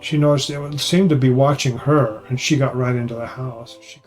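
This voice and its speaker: A man narrates in a plain, conversational way and sometimes stops to correct himself. His voice is at an ordinary pitch for a man. Soft music runs faintly underneath. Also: fairly even intonation, moderate pace. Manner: conversational, with hesitations and self-corrections. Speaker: channel host and narrator. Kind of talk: informal narration.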